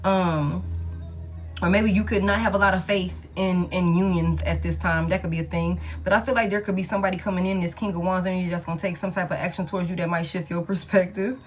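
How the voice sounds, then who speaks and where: A woman's voice: on the low side, fairly even intonation, fast, soft background music. Blunt, slangy woman reading tarot. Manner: blunt, slangy, affirming, swears freely. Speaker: tarot reader. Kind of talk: casual collective tarot reading.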